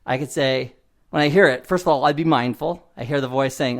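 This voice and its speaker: A man in his fifties giving a motivational IT training lesson in an animated, conversational way, often laughing at himself. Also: medium pitch, fairly quick, creaky. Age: 50s. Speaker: IT instructor.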